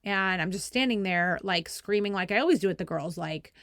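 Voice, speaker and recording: Talking a little fast with few pauses, a woman in her thirties hosts a podcast in clean studio sound with no echo. Her story is casual and lively; she laughs often, fills her speech with "like," and mimics quotes in a higher voice.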